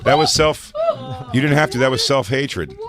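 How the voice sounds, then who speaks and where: Wisecracking man with lively pitch. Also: normal speed, crowd noise. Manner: dark, deadpan wisecracks. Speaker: podcast co-host. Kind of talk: casual banter.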